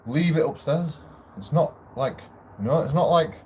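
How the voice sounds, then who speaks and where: A man's voice: a little high, animated, moderate pace, darkish tone, slight background noise. A man ranting casually at home in a shared house, grumbling and swearing as he rambles with restarts. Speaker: vlogger.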